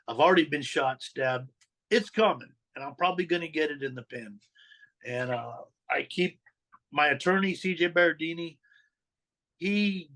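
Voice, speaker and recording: Fast-talking middle-aged man telling street stories. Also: a little high, fairly bright tone, poor audio. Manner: street slang, swears, acts out quoted dialogue. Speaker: podcast guest telling his life story. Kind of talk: candid storytelling interview.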